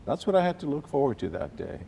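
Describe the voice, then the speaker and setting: Older man, from South Texas, interview guest, gravelly, faint rumble behind. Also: fast talker. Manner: animated storyteller, switches to Spanish phrases. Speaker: journalist guest. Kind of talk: storytelling interview.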